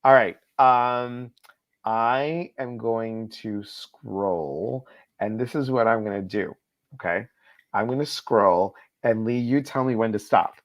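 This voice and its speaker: A man's voice: mid-range voice, slow pace. A man hosting a casual live-stream chat, reading viewers' comments aloud and answering them. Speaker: host. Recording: slightly dull lo-fi stream audio.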